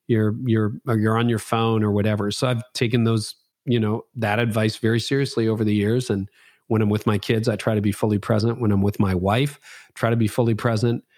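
A man's voice: lowish voice, flat delivery, fairly quick, darkish tone, no room sound, clean studio sound. A man in his fifties, a pastor being interviewed, speaking candidly and reflectively with a self-deprecating streak. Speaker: pastor and guest.

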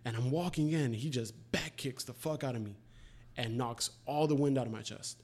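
A man's voice: medium pitch, a little fast. Profane young man telling stories. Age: 20s. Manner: profane, animated storytelling with acted-out quotes. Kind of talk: casual chat.

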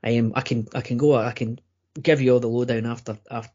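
Husky stammering man on a podcast. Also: medium pitch, steady tone, fairly quick, a little mellow. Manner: stammering, many restarts. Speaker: podcast co-host. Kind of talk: casual podcast chat. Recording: dull lo-fi audio.

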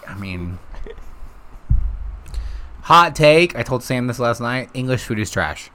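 A young man co-hosting a casual comedy podcast, telling a story and getting loud when he quotes people. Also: mid-range voice, normal speed. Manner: storytelling, gets loud and animated when quoting. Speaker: podcast co-host.

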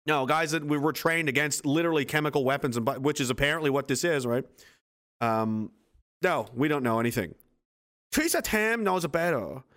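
A foul-mouthed man chats on his livestream, voice sitting a bit high for a man. He rambles through viewer comments with dry sarcasm and swears freely between thoughts. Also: expressive, a little fast, a bit bright. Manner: sarcastic and profane, rambling asides. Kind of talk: casual livestream chat. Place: at home base on a hot day.

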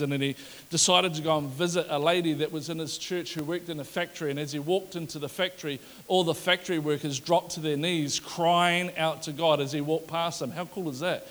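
A man's voice: a little high, fairly bright tone, big-room sound. A man preaching a sermon as a pastor, conversational and joking, asking the congregation questions.

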